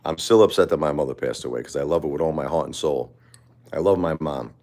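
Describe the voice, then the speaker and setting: A middle-aged man hosting a livestream, talking unscripted in a quiet, halting way and often repeating himself. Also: extremely low pitch. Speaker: livestream host. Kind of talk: unscripted personal monologue.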